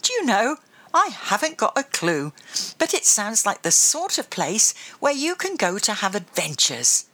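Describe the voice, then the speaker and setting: A woman's voice: mid-range voice, huge pitch swings, unhurried, pushed and bright, pitched above the performer's own voice, exaggerated voice. A woman voicing a spirited, jolly seafaring grandmother who exclaims heartily in a raised voice. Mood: hearty.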